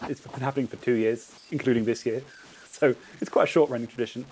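A podcast host and tournament organiser chats casually and reads a playful story aloud with relish, an animated storyteller who laughs at his own jokes. His mid-range voice moves at a quick pace, and the rough recording has slight background noise.

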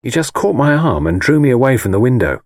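A man narrating a first-person novel with measured storytelling, dropping low on the speech tags. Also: big pitch swings, no room sound, clean studio sound. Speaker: audiobook narrator.

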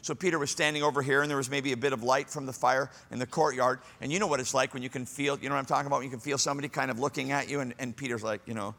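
A man preaching a sermon, swinging from loud, high exclamations to hushed, low asides. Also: level tone, very fast, vocal fry, hardly any pauses, in a large hall, a little hiss or hum. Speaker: pastor.

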